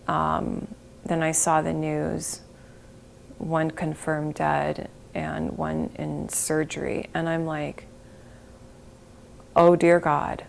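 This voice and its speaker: A middle-aged woman giving an emotional interview, halting and breaking off, sometimes dropping to a whisper. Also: low voice, gravelly, slight background noise. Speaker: interviewee, bereaved mother.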